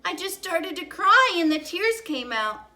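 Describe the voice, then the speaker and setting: A woman's voice: very high-pitched, very animated, measured pace, sharp tone, pitched above the performer's own voice, heavily acted. A woman voicing a weepy, whiny little girl in a storybook reading. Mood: bright. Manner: whiny, sobbing. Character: weepy little girl, sulky then cheerful.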